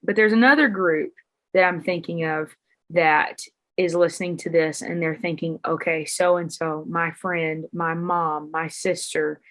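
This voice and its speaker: A woman host speaks in a measured, thoughtful way, with the odd filler pause as she frames a question. Her voice sits a little lower than most women's. The delivery stays casual and conversational. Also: fairly even intonation, a bit bright. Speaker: podcast host. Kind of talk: casual chat.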